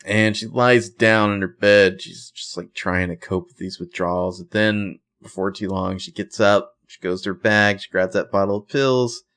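A man co-hosting a podcast, recapping a TV episode in an animated, profane, opinionated way. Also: lowish voice, normal speed, hardly any pauses. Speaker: podcast co-host. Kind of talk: casual TV recap chat.

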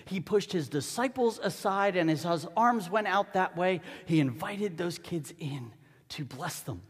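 Guy preaching in a church, high lively voice that jumps all over, big echoey hall. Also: a little slow, husky. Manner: animated preaching that swings between hushed and shouted. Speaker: pastor. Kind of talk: sermon. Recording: long reverb of a large hall.

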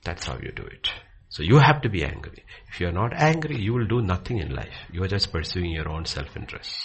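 A man teaching from the Bible with passion, dropping to hushed near-whispers and then rising to loud, excited bursts. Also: sits low, a little fast, a little hiss or hum. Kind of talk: impassioned preaching in conversation.

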